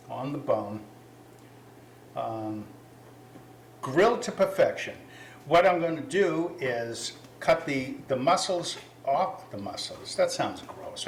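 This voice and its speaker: A man's voice: mid-range voice, reverberant, a little hiss or hum. Chatty man hosting a cooking show. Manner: chatty, self-correcting, apologetic asides. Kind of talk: casual cooking demonstration.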